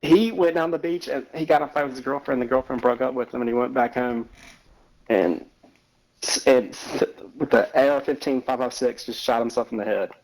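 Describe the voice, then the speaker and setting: A man with a twang tells a long, rambling story to a friend, cursing constantly and padding every sentence with "like." His voice sits at a middle pitch, and he talks with loose, offhand looseness. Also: a little fast, darkish tone, rough recording. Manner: rambling storytelling, heavy swearing, lots of "like". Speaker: gamer chatting with a friend. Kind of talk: casual chat over a game.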